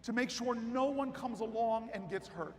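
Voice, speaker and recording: A man's voice: very high-pitched, moderate pace, darkish tone, slight background noise. A man quoting an elderly man who stands guard on a storm-blocked road, in a plain, matter-of-fact voice. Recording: long hall reverb with faint crowd.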